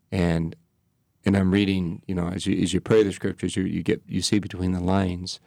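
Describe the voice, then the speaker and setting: A man speaking as a priest, reflecting on prayer in slow, measured phrases with pauses. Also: low-pitched, flat delivery, vocal fry, dark tone, no room sound, studio quality. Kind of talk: reflective spiritual talk.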